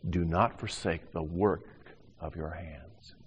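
An older man preaching a sermon as pastor, animated, acting out little voices and swinging from loud to hushed. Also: low voice, slow, husky, dull audio. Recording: long hall reverb.

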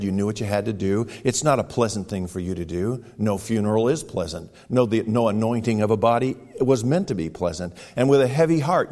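A man preaching a sermon, retelling a story dramatically, with sudden loud exclamations and quiet, hushed stretches. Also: fairly low pitch. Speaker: pastor.

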